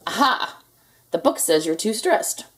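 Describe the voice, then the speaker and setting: A woman's voice: medium pitch, very animated, a little slow. A woman voicing an eager, kind young boy knight in a children's picture book read-aloud.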